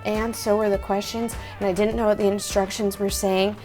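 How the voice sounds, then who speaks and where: A woman's voice: medium pitch, level tone, normal speed, darkish tone, faint music behind. A young woman hosting a reaction video, chatting casually and reminiscing, easily amazed by what she sees.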